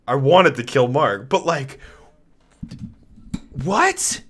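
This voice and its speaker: A man live-streaming a video game, talking to the characters in an animated, profane, joking way. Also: medium pitch, drawn-out words. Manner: animated, swears a lot, talks to game characters. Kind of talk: live gaming commentary.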